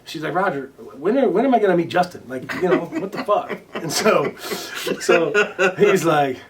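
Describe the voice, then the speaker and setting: A man chatting as an interview guest, his voice sitting a bit high for a man and picked up from some distance off the mic. He rambles through his anecdotes, restarting sentences, filling pauses and swearing casually. When quoting others he acts their lines out loudly. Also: animated, a little hiss or hum. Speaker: interview guest, recording artist. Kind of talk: casual storytelling in conversation.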